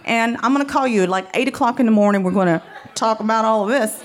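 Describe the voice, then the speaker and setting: A woman quoting a calm, reassuring man who whispers quick, insistent words in the dark. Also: on the high side, very noisy, lightly acted.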